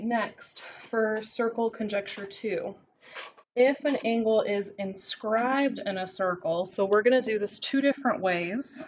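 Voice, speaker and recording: A woman's voice: mid-range voice, a little hiss or hum. A woman teaching a math lesson from her notes, checking in with frequent "okay?"s as she writes and explains. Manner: talks while writing, frequent "okay?" check-ins. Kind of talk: classroom video lesson, working through notes. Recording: slightly dull, lo-fi recording.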